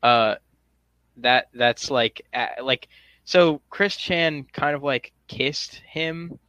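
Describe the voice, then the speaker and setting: A young man chatting casually with friends, halting and restarting as he tells a story. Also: mid-range voice, pushed and bright, smooth, no echo. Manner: halting, many fillers and restarts. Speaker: viewer reacting to videos. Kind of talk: casual chat.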